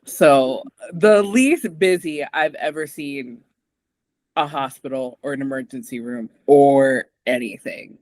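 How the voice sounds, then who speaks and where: Animated, sarcastic man in dry sound. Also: mid-range voice, slow pace, dry recording. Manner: animated, sarcastic, acts out quotes. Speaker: podcast co-host. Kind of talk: casual recap chat.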